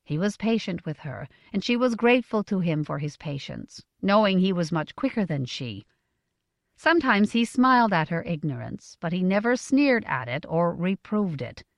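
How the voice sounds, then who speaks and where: Expressive woman narrating an audiobook. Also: on the low side, moderate pace, gravelly, dry recording. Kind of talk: scripted narration.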